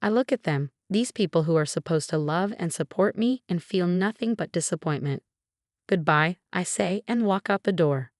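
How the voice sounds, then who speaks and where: A woman in her twenties narrates a first-person story at an even, measured pace. Her voice sits a little low. It sounds dry and close to the mic. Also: no room sound. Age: 20s.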